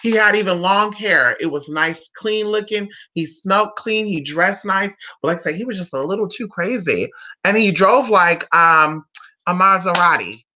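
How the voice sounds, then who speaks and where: Bright-voiced woman gossiping casually. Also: lowish voice, lively intonation. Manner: chatty gossiping, drawn-out "honey" and "girl" asides. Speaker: vlogger. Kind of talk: casual chat to camera.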